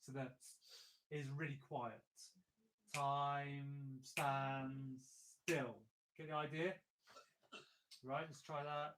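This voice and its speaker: A man leading an online choir rehearsal, patiently breaking the lines into syllables and speaking each phrase slowly as an example. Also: mid-range voice, little pitch movement, a bit bright, poor audio. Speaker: choir leader. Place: home, remote rehearsal. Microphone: video call.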